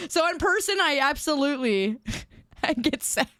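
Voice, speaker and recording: A woman's voice: sits high, lively intonation, slow, fairly bright tone, no room sound, clean studio sound. A young woman streamer chatting casually with her viewers, telling a story in a giggly, self-deprecating way.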